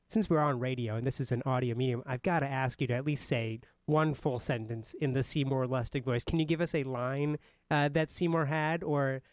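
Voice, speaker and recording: A male radio host asks friendly, probing questions in a smooth, clear voice sitting slightly higher than most men's. The studio sound is dry and close. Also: darkish tone, dry recording. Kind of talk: radio interview.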